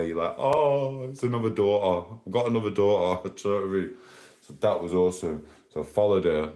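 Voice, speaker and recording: A man with a very deep, low voice talks to his viewers on a live stream. He rambles casually and laughs often. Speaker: livestreamer.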